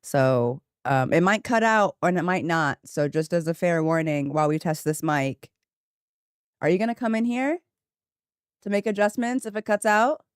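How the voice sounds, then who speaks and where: A woman streamer chatting casually from her home office into a studio mic, a little tired and mellow, often breaking into laughter. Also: lowish voice, moderate pace, clear, resonant tone, no room sound. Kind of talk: casual chat on a gaming stream. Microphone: new studio microphone.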